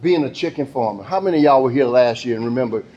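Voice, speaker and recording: A man's voice: mid-range voice, expressive, quick pace, mellow, highs cut off. A middle-aged man, a police chief telling a folksy story to an audience. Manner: folksy, addresses the crowd as y'all and baby. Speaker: police chief giving a speech.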